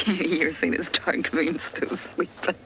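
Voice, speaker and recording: Lady guide on a live game drive, low voice, hushed and giggly, clear outdoor noise around. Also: slow. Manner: often hushed to a whisper, laughs often. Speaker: safari guide. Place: outdoors in the bush, in a vehicle. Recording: outdoor bush noise behind.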